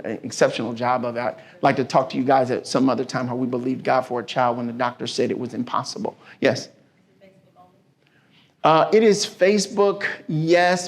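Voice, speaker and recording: Gravelly man telling a folksy story. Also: mid-range voice. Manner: folksy, preacherly, acts out story voices. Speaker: speaker at a business mixer. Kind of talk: motivational talk with storytelling.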